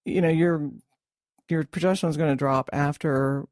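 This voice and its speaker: A middle-aged woman co-hosting a casual podcast, explaining hormone changes in a measured way with some fillers. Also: low-pitched, a little mellow, dry recording, clean studio sound. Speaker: podcast co-host, hormone expert. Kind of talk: casual chat.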